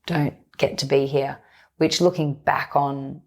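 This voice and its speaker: A woman's voice: extremely low pitch, steady tone, measured pace, gravelly, husky. A woman, a podcast guest talking openly and reflectively in long, flowing runs. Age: 30s. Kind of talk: candid conversational interview.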